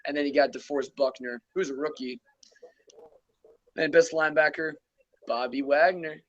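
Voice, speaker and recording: A man's voice: fairly high pitch, steady tone, normal speed, dry recording, highs cut off. A young man hosting a casual podcast, loosely running through football rankings and stats with profanity and offhand asides. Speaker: podcast host. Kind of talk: casual sports gaming chat.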